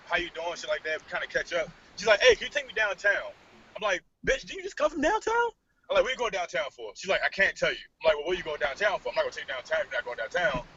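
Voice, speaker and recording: A man co-hosting a podcast, telling a story in casual chat, cursing freely and animated. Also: high-pitched. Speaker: podcast co-host. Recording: dull lo-fi podcast recording.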